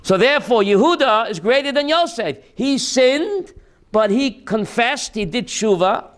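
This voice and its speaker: A man teaching a lively Torah class as a rabbi, asking his listeners questions and mixing in Hebrew terms. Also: very high-pitched, a little slow. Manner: animated, asks the audience questions, mixes Hebrew terms.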